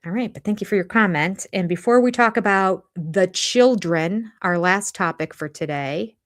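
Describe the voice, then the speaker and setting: An older woman hosting a live chat with viewers about a reality show, casual and animated, with restarts and quoted asides. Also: mid-range voice, normal speed. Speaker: livestream host of a reality TV recap channel.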